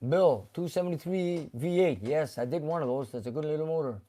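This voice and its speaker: A man with a somewhat high voice hosts a casual live stream from his garage. He reads viewer comments aloud one after another, chatting loosely about each, and now and then slips into Greek phrases. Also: a little fast, warm tone. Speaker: host reading live chat. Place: car garage shop.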